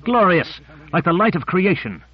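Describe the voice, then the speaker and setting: A man's voice: mid-range voice, moderate pace, no echo, lightly acted. A man reading the part of a devout male surgeon who speaks in a fervent, reverent way, in a storybook reading. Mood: awed. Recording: muffled lo-fi recording.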